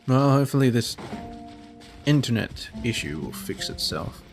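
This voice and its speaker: A man's voice: mid-range voice, sing-song, moderate pace, creaky, faint music behind. Swearing, joking man playing a game. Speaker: gamer playing a video game. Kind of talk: casual let's-play commentary.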